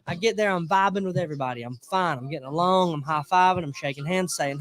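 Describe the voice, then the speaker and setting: A man, casually telling an animated story on a podcast and acting out other people's lines. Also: a little high, fast talker, hardly any pauses. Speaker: podcast host.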